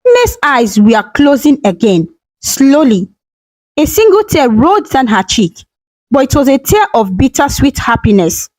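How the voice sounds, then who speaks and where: Brief: woman storyteller, gentle emotional narration, high animated voice. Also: measured pace, no room sound, poor audio. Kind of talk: scripted narration.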